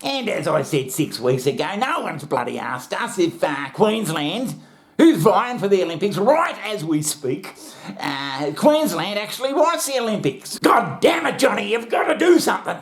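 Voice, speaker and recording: Rambling Australian man, lively pitch. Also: normal speed. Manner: rambling, swearing, sarcastic. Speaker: comedy host. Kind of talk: comic rant.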